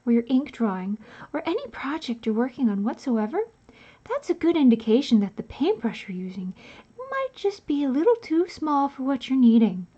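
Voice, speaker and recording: A woman's voice: sits high, sing-song, normal speed, mellow, slightly rough, exaggerated voice. A woman putting on an exaggerated, sing-song Minnesotan accent to play a folksy adviser giving painting tips. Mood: folksy advice. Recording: dull lo-fi sound.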